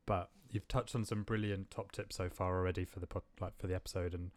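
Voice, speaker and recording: Flat, low-voiced male podcast host. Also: quick pace, no echo. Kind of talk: casual podcast chat.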